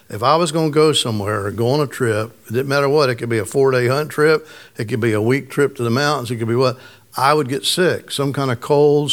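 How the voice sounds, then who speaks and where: A middle-aged man with a slightly raspy voice, preaching a conversational sermon and telling a personal story. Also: mid-range voice. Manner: conversational, storytelling, asks congregation questions. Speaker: pastor.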